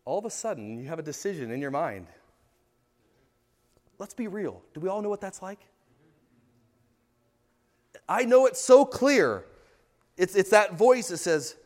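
A man preaching in a very high voice, full of passion and rhetorical questions to his congregation. He swings from loud pleading to quiet, intimate asides. The sound rings with the long reverb of a church hall. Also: expressive, measured pace, long pauses. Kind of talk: sermon.

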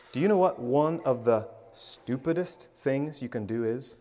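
A man's voice: mid-range voice, lively intonation, a little slow, hardly any pauses. Man preaching in an echoing hall. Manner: informal, stammering restarts, big swings from loud to quiet. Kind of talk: conversational sermon.

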